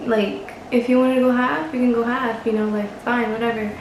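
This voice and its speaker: A woman's voice: on the high side, steady tone, brisk, echoey room, noisy background. A young woman vlogger telling a casual story, chatty and exasperated, swearing and laughing often.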